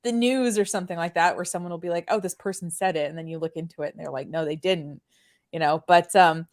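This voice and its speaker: A woman's voice: on the low side, fairly even intonation, quick pace. A woman with a French Canadian accent hosting a casual chat, rambling with many fillers. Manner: chatty, rambling, lots of fillers. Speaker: host.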